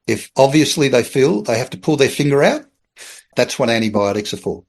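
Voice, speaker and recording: Middle aged aussie bloke on a podcast, telling a story in a lively way, does little voices for the people in it, mid pitch. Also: male voice, moderate pace. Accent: Australian. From Australia. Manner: animated storyteller, acts out quoted voices, chuckles. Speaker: podcast guest. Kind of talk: casual anecdotal storytelling.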